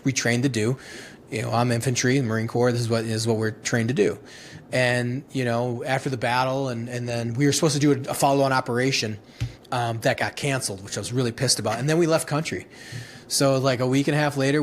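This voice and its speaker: A man's voice: mid-range voice, fairly even intonation, fast talker, slight background noise. A man in his thirties, a former Marine infantryman, telling stories in a casual interview, rambling and profane, with many restarts and laughs.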